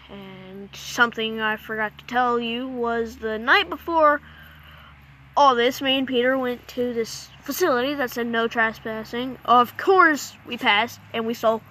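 A woman telling a jokey made-up adventure story, animated and self-mocking, with mouth sound effects. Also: on the high side, a little slow. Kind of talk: playful comic storytelling.

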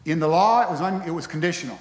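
A pastor preaching a sermon in an emphatic, conversational way, from a church sanctuary. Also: male voice, a little high, very fast. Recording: echoey hall with long reverb.

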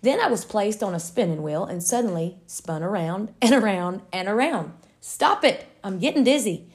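A woman's voice: mid-range voice, animated, moderate pace, a little mellow, natural voice. A woman voicing a talking teacup, a clay vessel that cries out and pleads as it is shaped and fired. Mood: pleading. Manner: pleading, crying out in storytelling voice.

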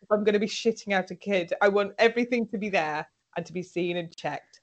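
A woman co-hosting a casual podcast chat, animated and sweary, laughing often. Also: mid-range voice, a little fast. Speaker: podcast co-host recapping a TV episode.

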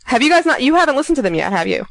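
A woman from New York co-hosting a podcast in casual chat, giggly and excitable. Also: high voice, very fast, gravelly, crowd noise, low-quality recording. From New York, USA. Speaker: podcast co-host.

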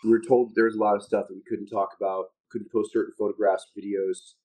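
A deep, low-pitched man speaks over what sounds like a phone, recounting his service days in an easygoing chat. He laughs often and acts out the back-and-forth of old conversations. The delivery stays loose and conversational. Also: level tone, fast talker, darkish tone. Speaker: interview guest, former Marine. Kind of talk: casual storytelling.

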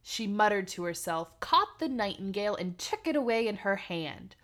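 A woman's voice: medium pitch, very animated, normal speed, fairly bright tone. A woman co-hosting a podcast who reads a fairy tale aloud and breaks off for dry, joking asides. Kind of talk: casual reading with banter.

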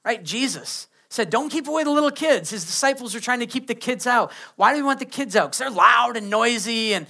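A man's voice: very high voice, fairly quick, creaky, few pauses, pushed and bright. A man, preaching a sermon as pastor and acting out quoted kids and prayers.

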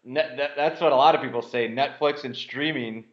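A man's voice: mid-range voice, fairly quick. A man co-hosting a casual podcast, talking bluntly about sports and news and swearing often. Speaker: podcast co-host. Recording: roomy, slightly dull lo-fi audio.

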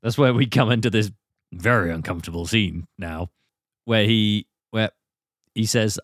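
A British man hosts a relaxed film chat with a lowish voice, recapping scenes and breaking into quick impressions of the characters. His voice is close and dry, with no room around it. He rushes through his recaps and swoops up high whenever something amuses him. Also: no echo. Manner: animated retelling, slipping into quick impressions. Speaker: podcast host. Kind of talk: casual film discussion.

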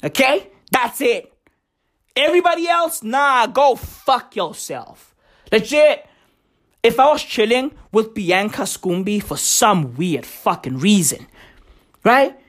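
A man's voice: sits high, animated, a little slow, fairly bright tone. A man giving casual vlog commentary on tweets, swearing a lot and repeating rhetorical questions for emphasis. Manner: profane, emphatic, keeps asking rhetorical questions. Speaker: vlogger reacting to tweets.

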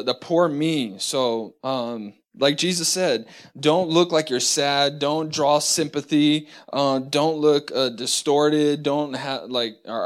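A man teaching a church lesson from notes, talking haltingly with many fillers and restarts, and reading scripture slowly and deliberately. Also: on the high side.

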